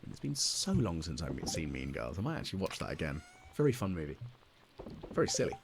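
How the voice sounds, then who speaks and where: Deep gravelly man rambling. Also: big pitch swings, brisk, slight background noise. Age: late 30s. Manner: rambling, musing, self-mocking, many ums. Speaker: gaming channel host. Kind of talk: casual let's play commentary.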